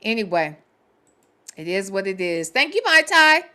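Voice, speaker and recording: Woman host, blunt and profane, bright sharp tone, swooping expressive delivery. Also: mid-range voice, normal speed. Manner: blunt and profane, talks straight to viewers. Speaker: show host. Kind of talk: casual livestream chat, reading viewer comments.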